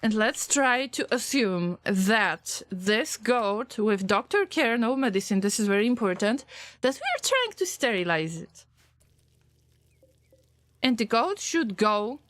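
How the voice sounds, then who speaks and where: A woman streaming a game, chatting casually with viewers, easily distracted and prone to sudden excited alarm. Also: a little high, unhurried, no room sound. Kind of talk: casual live-stream gameplay commentary.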